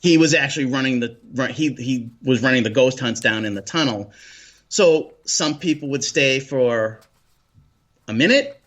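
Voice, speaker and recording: Boston-accented man, guest storyteller, rambling delivery, mid-pitched, slightly dull lo-fi sound. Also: moderate pace, a bit bright. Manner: rambling, many restarts and ums. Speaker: paranormal investigator guest. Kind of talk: casual interview chat.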